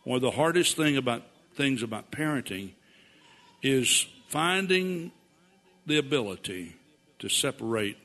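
A man preaching in a slow, deliberate, measured way. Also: mid-range voice, pushed and bright, big-room sound. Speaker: pastor. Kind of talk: sermon.

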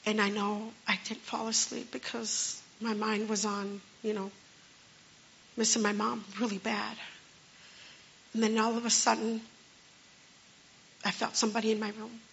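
A woman telling an earnest personal testimony in a halting, repeating way. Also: fairly high pitch, level tone, creaky, fairly bright tone, a little hiss or hum. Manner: earnest and halting, with many restarts. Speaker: storyteller sharing a personal testimony. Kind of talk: personal testimony, spoken story. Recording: dull lo-fi recording.

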